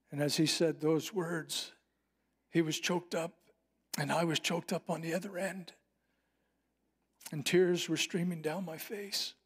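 A middle-aged man preaching a sermon, mixing Bible teaching with a personal story and slowing down to stress key phrases. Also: on the high side, breathy edge. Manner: earnest, personal storytelling with slowed emphatic phrases. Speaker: pastor.

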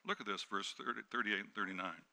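A middle-aged male pastor preaching a sermon, dropping to hushed tones and then rising to loud, emphatic peaks. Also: on the low side, quick pace, creaky. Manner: dynamic preaching, swings from hushed to shouting.

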